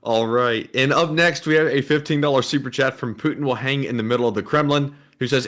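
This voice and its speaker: A man co-hosting a livestream, reading out viewer messages in a steady announcing way and chatting casually. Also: medium pitch, fairly quick, few pauses.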